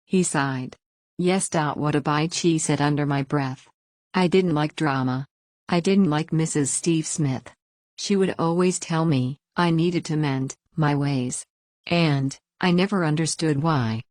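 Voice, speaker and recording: Female story reader, very low voice, dry close sound, plain even first-person narration. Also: a little slow, dry recording.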